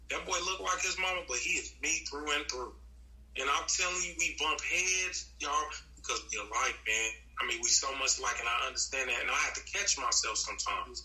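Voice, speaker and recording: A man's voice: medium pitch, sharp tone. A man, a guest on a podcast, talking in casual chat and chiming in with agreement. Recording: echoey room with faint noise.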